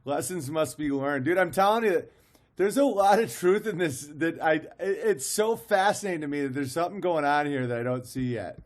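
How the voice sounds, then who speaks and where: A man hosting a stream, commenting on a comedy clip in an excited, rambling, amused way. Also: fairly high pitch, normal speed. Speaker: stream host.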